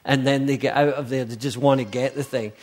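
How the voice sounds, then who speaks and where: A man's voice: medium pitch, steady tone, brisk, a little mellow. A middle-aged man preaching a sermon as pastor, emphatic and driving home his points with repeated rhetorical questions.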